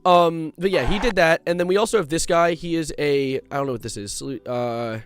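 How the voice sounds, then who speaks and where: A man's voice: a little high, fairly quick, a little hiss or hum. A man in his twenties chatting casually on a live stream, rambling and jumping between reading chat and his topic.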